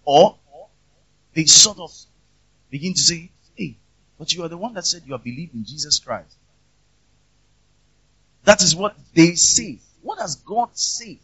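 Husky-voiced man preaching a sermon. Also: a little high, animated, measured pace, long pauses, bright, forceful tone, no echo. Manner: conversational preaching with rhetorical questions and quoted voices. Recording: dull, lo-fi recording.

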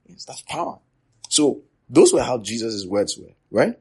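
A man's voice: mid-range voice, big pitch swings, moderate pace, breathy edge. A man preaching a sermon to trainee teachers, emphatic and repetitive, dropping to near whispers and rising again. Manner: repetitive, emphatic, swings from loud to quiet.

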